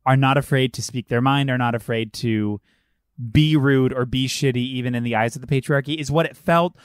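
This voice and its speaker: A man's voice: medium pitch, brisk, dry recording, studio quality. A young man co-hosting a podcast, chatting casually and animatedly, swearing freely and acting out quotes in shifting voices. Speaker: podcast co-host. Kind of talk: casual chat.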